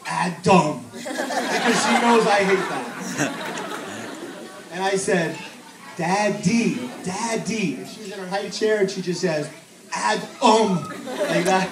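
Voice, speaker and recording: Fond father toasting in an echoey hall. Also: high-pitched. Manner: fond, joking storyteller. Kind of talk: speech at a family celebration. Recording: echoey hall, mic heard from far, crowd behind.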